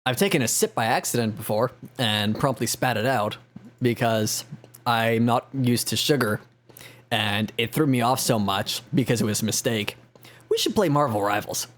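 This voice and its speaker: A man's voice: medium pitch, moderate pace, a bit bright. A man chatting casually on a live game stream, rambling and self-mocking with frequent laughs.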